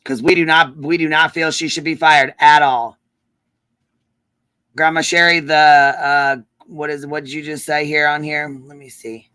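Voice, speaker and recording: Furious profane livestream host. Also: male voice, a little high, level tone, a little slow, pushed and bright, clear, resonant tone, dry recording. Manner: heated, profane, repeats himself. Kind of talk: angry livestream rant.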